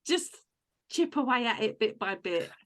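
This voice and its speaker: A woman's voice: a little high, expressive, normal speed. A woman hosting a podcast in casual chat, telling rambling anecdotes about home life. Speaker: podcast host.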